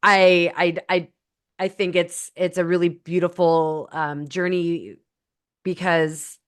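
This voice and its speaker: A woman's voice: on the low side, level tone, slow pace, clear, resonant tone. A woman co-hosting a podcast, thanking her guest and responding in an affirming, thoughtful way. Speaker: podcast co-host. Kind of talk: conversational interview.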